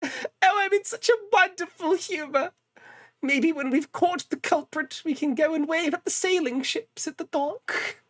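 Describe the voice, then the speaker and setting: A woman's voice: extremely high pitch, a little slow, fairly bright tone, no echo, pitched above the performer's own voice. A woman putting on a jolly, posh male detective. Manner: theatrical, cheery and posh. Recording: game music playing behind.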